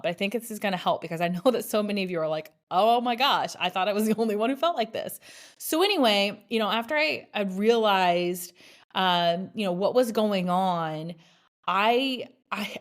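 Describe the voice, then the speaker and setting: A woman in her thirties hosting a solo podcast, telling a personal story in a frank, chatty way with lots of "like" fillers. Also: medium pitch. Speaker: podcast host. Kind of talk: candid solo podcast monologue.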